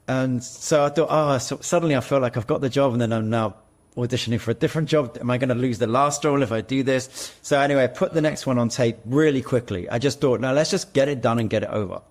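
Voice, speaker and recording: A man's voice: mid-range voice, a little fast, a little mellow. A man speaking as a guest, co-founder of an audition platform, in a casual podcast conversation, explaining at length and telling earnest stories. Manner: earnest storyteller, talks in long run-on explanations.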